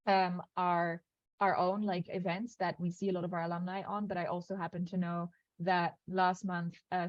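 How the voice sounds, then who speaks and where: A woman's voice: on the low side, dry recording. A woman hosting an onboarding video call, chatty and informal, with many fillers and restarts. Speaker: program host. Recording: dry, slightly dull video call audio.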